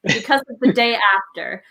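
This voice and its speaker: Bright-voiced joking woman. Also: on the high side. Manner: joking, teasing. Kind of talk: casual chat.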